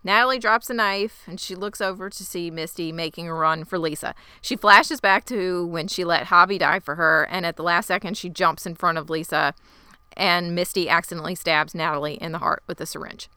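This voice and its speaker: A woman co-hosting a casual podcast, retelling a TV episode scene by scene with lively asides. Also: on the low side, a little fast, smooth, no echo. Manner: animated storyteller, quotes characters in lively asides. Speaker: podcast co-host. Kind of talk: casual TV recap chat.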